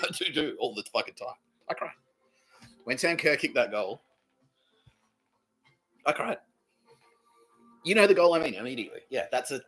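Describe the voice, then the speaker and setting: A man's voice: medium pitch, sharp tone, breathy edge. A man hosting his own podcast, rambling and swearing through a solo monologue that keeps contradicting itself. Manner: profane, rambling, self-contradicting. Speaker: podcast host. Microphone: talking to camera.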